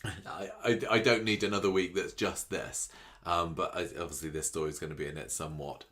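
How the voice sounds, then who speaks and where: A man's voice: low-pitched, steady tone, fairly quick, fairly bright tone. A man, co-hosting a podcast in casual chat, rambling with hesitant restarts and teasing his co-host.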